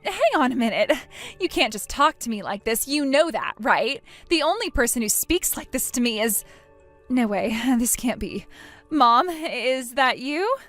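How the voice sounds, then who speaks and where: A woman's voice: sits high, lively intonation, a little slow, fairly bright tone, soft background music. A woman voicing a spiteful, jealous young sister of the groom who mocks and whines in a voiced text-story drama. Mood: whiny. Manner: mocking, whiny, petulant.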